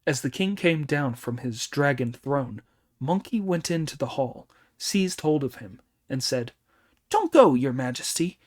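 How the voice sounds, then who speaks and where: A man reads a classic tale aloud as audiobook narration. His delivery is slow and measured, every phrase given room. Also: medium pitch, animated. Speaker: audiobook reader.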